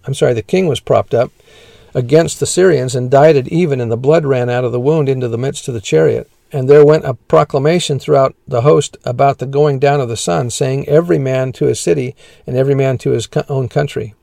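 A man reading old scripture aloud in a measured, plain way and pausing to explain the verses as a teacher. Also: mid-range voice, vocal fry, dark tone, no room sound.

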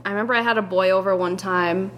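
A woman's voice: mid-range voice, fast talker, lo-fi sound, slight background noise. A young woman hosting a podcast, chatting with her family and telling stories with lots of laughter. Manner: laughing, animated storyteller. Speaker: podcast host. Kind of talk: casual family chat.

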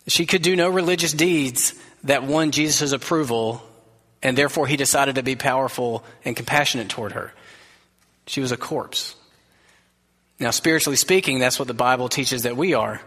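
A man preaching a sermon as pastor, earnest and conversational, dropping to a soft gentle voice for quoted words. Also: mid-range voice, breathy edge. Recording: long reverb of a large hall.

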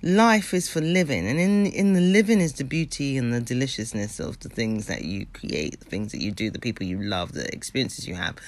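A man's voice: mid-range voice, lively intonation, brisk, hardly any pauses. A man giving a motivational talk about habits and mindset, earnest and emphatic, repeating phrases and checking in with the listener.

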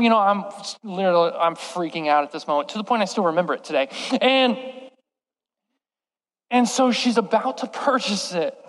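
A young male preacher with a high, bright voice tells a story with animated, self-mocking energy. He slips into voices for the people in his story. A long reverb from a large hall trails his words. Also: brisk. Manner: animated, self-deprecating, acts out quoted voices. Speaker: youth preacher. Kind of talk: storytelling sermon.

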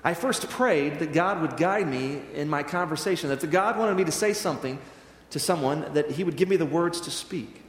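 A Presbyterian minister tells a story during a sermon, animatedly acting out the dialogue. His voice is on the high side, at normal speed with few pauses. The church hall is echoey with long reverb.

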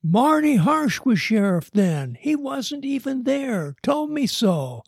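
Guy putting on a loud rowdy young small-town heckler, high and yelly. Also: sing-song, slow pace, vocal fry, breathy edge, no echo, clean studio sound, heavily acted. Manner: yelling, boisterous.

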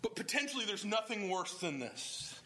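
A male pastor delivering a sermon in a high, bright voice. His pitch swings widely and his tone has a crisp, forward edge. He acts out the voices of the people he quotes. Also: sing-song, moderate pace, slight background noise, low-quality recording.

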